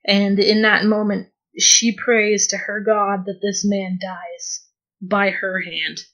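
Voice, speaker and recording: Slow, even-voiced woman player. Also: medium pitch, low-quality recording. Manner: slow, hesitant, with restarts. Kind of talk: describing her character's actions.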